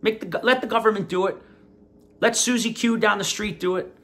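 A man's voice: high-pitched, steady tone, brisk, pushed and bright, pitched above the performer's own voice. A man imitating an older male Russian scientist with a mock Russian accent, lecturing bluntly and dismissively. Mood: exasperated.

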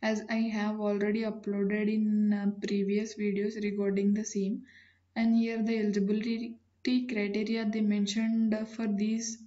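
A woman, hosting a channel and reading out job listings in a plain, businesslike way with frequent pauses. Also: mid-range voice, completely flat delivery, warm tone, lo-fi sound.

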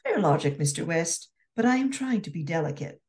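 A woman voicing a witty young Scotswoman corset maker, frank and dryly teasing, a little higher than her narration. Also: very animated, fairly quick, a little mellow.

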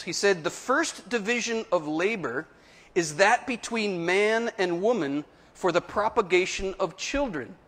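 A man's voice: high voice, fairly bright tone. A middle-aged man giving a live Catholic talk to an audience, telling a story with playful asides. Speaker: Catholic speaker. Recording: long hall reverb.

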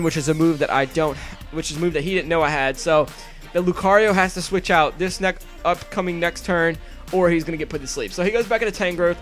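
A young man casually narrating his game battle over a home mic, excitable and swearing freely. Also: on the high side. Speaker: gaming video narrator. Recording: faint music underneath.

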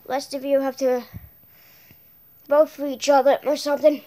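Woman with a high voice hosting a homemade toy show, playful and excitable. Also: normal speed. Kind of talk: playful role-play announcing.

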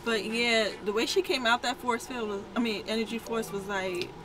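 A woman's voice: on the high side, steady tone, moderate pace, background noise. A woman co-hosting a reaction video, recapping an episode in casual, slangy chat.

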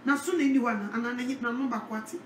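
A woman preaching a sermon, animated, with a repeated call-out refrain. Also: on the high side, racing, distant mic, a little hiss or hum. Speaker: evangelist. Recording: echoey, from off the mic.

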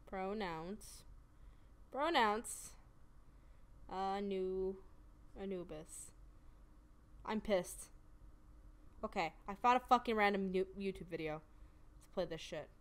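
A woman commenting on her gameplay, profane and excitable, with loud exclamatory reactions. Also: medium pitch, slow, pauses often. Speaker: let's play gamer.

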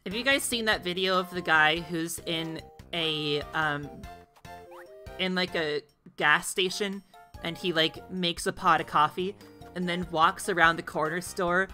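A woman's voice: on the low side, fairly even intonation, a little slow, sharp tone, soft background music. A woman streaming a video game, chatting with viewers in a playful, giggly way. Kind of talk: casual gaming stream chat.

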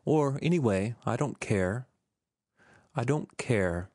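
A man voicing a devoted, defiant young working-class woman who pleads softly and earnestly in an audiobook. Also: medium pitch, animated, takes it slowly, no echo, clean studio sound.

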